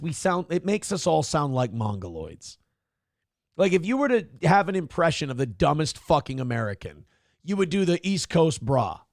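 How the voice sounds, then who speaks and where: Morning show host, male, mocking and profane, bright pitch with a dry close sound. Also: creaky, no room sound. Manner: sarcastic, crude, mocking impressions. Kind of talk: mocking commentary on a viral clip.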